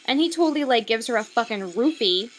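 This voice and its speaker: A woman's voice: fairly high pitch, lively intonation, a little fast, slight background noise. A young woman rambling through a casual, sarcastic film review at home at night, swearing often and filling her talk with likes and ums.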